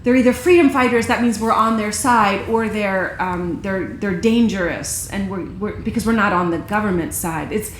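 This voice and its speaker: A woman's voice: medium pitch, moderate pace, few pauses, a little hiss or hum. A woman in her forties, a yoga teacher, talking as a podcast guest in a reflective, hesitant way. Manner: reflective, hesitant, laughs often. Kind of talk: casual chat. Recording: echoey room with faint ambience.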